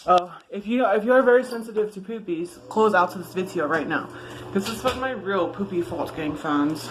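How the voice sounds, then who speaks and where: A woman's voice: medium pitch, moderate pace, noisy background. A woman vlogging casually to camera from her home, chatty, giggly and rambling. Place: at home, indoors.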